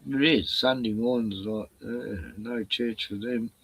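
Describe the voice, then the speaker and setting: A man's voice: lowish voice, steady tone, measured pace, fairly bright tone, breathy edge, low-quality recording. A man chatting on a live stream in a rambling, profane rant full of sarcastic jokes, short on sleep. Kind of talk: casual ranting chat.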